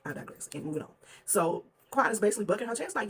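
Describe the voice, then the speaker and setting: Fast-talking gossipy recap host. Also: mid-range voice, animated, fairly bright tone, slight background noise. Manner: gossipy, fast-talking, quotes cast members in quick asides. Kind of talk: casual chatty recap.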